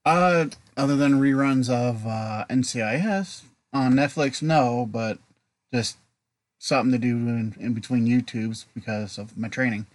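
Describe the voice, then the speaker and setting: A man's voice: medium pitch, unhurried, dry recording. A man co-hosting a podcast in casual chat, giving brief, laid-back replies. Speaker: podcast co-host.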